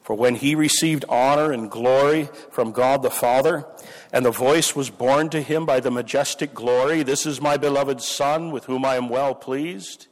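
A man preaching a sermon, teaching through a Bible passage and stressing key words emphatically. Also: mid-range voice. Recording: long hall reverb.

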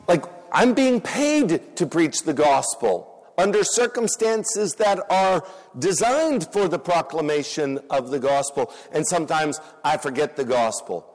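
A man's voice: a little high, animated, a little slow, darkish tone. A man preaching a sermon as a pastor, telling stories with earnest emphasis and repetition. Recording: reverberant hall.

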